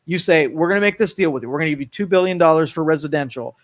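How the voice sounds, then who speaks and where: A man co-hosts a local talk radio show, talking politics in a casual, animated way and slipping into quoted voices. His voice sits a little high, and the studio sound is dry and close. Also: very fast, no echo. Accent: Northeast Ohio. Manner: animated, acts out quoted voices, frequent restarts.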